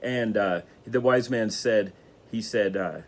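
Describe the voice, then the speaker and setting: Man, low voice, casual motivational talk, rambling storyteller. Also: takes it slowly. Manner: rambling, many restarts and fillers. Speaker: motivational speaker.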